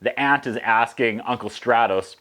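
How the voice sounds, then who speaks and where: A man hosting a casual movie recap, making sarcastic, joking asides and slipping into quick voices for the characters. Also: medium pitch, fairly bright tone, slight background noise. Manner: casual, profane. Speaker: host.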